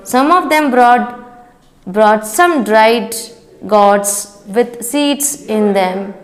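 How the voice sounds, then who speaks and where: Slow-reading woman teacher. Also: fairly high pitch. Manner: rereads lines and explains word meanings; chants sound words in a sing-song rhythm. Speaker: school teacher. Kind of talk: reading a story lesson aloud to young children.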